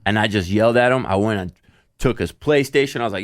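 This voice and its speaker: A man co-hosting a podcast, telling a family story in a casual, animated way and acting out what he said. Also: lowish voice, fast talker, dry recording, clean studio sound. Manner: animated storyteller, acts out his own quotes. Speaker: podcast co-host. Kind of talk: casual chat.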